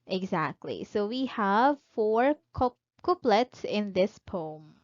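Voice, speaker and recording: A woman's voice: mid-range voice, expressive, dry recording. A woman teaching an online lesson who poses questions to her students and answers them herself, drawing out the words of examples as she reads them. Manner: drawn-out, careful reading of examples. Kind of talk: recorded online lecture. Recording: dull, dry close recording.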